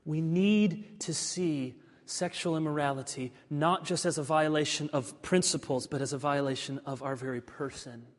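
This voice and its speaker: A male pastor preaching a sermon, moving from ringing, emphatic declarations to hushed, confiding asides. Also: on the high side, fairly even intonation, moderate pace, few pauses. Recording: long reverb of a large hall.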